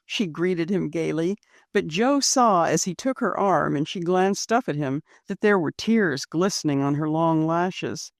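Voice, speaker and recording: A woman narrating a classic girls' story as an audiobook reader, with expressive storytelling. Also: low voice, measured pace, no echo, clean studio sound. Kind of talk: scripted narration.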